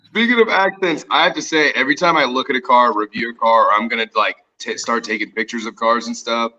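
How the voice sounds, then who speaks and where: Guest from Arkansas, man, sharp bright tone, relaxed storytelling. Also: mid-range voice, fast talker, dull audio. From Southern Arkansas. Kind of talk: casual podcast chat.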